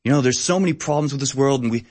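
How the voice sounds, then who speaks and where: A man's voice: mid-range voice, racing, a little mellow, natural voice. A man mimicking an earnest male candidate making a speech.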